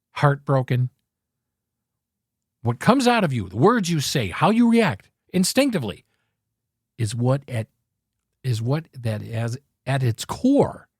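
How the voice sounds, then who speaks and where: A man's voice: mid-range voice, a little mellow, no echo. Man, podcast host, earnest motivational monologue, rambling, mid-range voice, dry sound. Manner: earnest, rambling, self-correcting.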